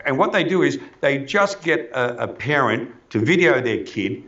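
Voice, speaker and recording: A man chats eagerly in an interview, circling back and restarting his thoughts. His voice sits at an ordinary pitch. The recording sounds a little dull and lo-fi. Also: very animated, normal speed, a bit bright. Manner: enthusiastic, rambling, many restarts and "you know". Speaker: orthodontist guest. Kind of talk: casual interview chat.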